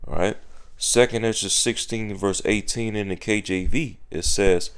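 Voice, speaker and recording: Deep-voiced man preaching with emphatic fillers. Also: fairly even intonation, normal speed, clear, resonant tone. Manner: emphatic, with frequent "okay" and "you know" fillers. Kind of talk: sermon with scripture reading.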